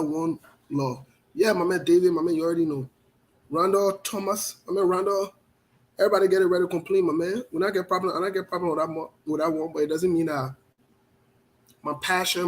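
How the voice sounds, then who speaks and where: A male talk show host with a fairly high voice. He talks with blunt passion, calls out viewers' names one after another and argues his point hard. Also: rough recording. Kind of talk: live online talk show, greeting viewers.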